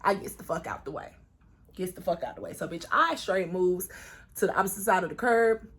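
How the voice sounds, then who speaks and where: A woman from Florida telling a storytime vlog, animated and profane, acting out what people said with sudden jumps in pitch. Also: fairly quick. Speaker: vlogger.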